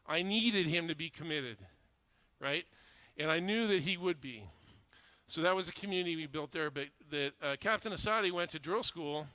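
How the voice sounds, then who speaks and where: A man's voice: fairly high pitch, lively intonation, moderate pace, bright, forceful tone, dry recording. A middle-aged man, a fire officer and instructor, telling a story in a speech with earnest emphasis and repeated phrases.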